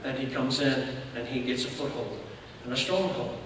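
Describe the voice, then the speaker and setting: A church elder preaching a sermon, telling a story and acting out shouted lines. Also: male voice, mid-range voice, steady tone, normal speed, background noise. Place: church sanctuary. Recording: echoey hall from far off.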